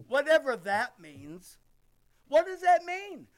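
A man's voice: very high-pitched, very animated, takes it slowly. A man preaching a sermon, talking to his congregation in an emphatic, conversational way full of rhetorical questions. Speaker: pastor.

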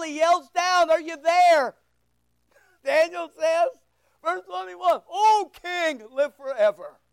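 A preacher giving an impassioned, emphatic sermon that swings between loud outbursts and hushed asides. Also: very high voice, creaky, no room sound.

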